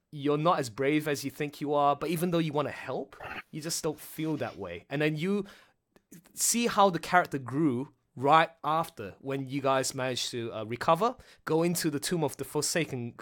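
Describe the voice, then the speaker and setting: A man hosting a casual livestream chat with voice actors, excitable and rambling, laughing often. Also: a little high. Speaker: livestream host.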